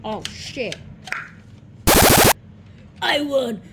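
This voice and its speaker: A woman in a puppet comedy skit, shouting frantic, shrieky exclamations, with noise in the recording. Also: a little high, lively intonation, very slow. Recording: noisy background hiss.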